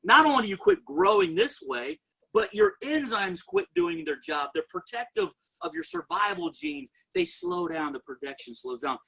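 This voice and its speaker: A man giving an energetic motivational sales testimony and talking straight to his audience as a network marketing presenter. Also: very high voice, normal speed, creaky, slightly rough, low-quality recording.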